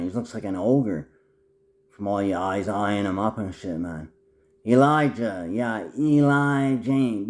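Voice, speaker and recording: A man in a rambling monologue to camera who swears often and swings from a low mutter to loud, high outbursts.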